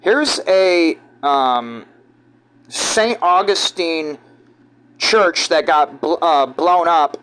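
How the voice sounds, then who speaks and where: High-voiced rambling man. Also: a bit bright, smooth, poor audio. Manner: halting, restarts often, conspiratorial. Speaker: vlogger. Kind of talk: rambling commentary over clips.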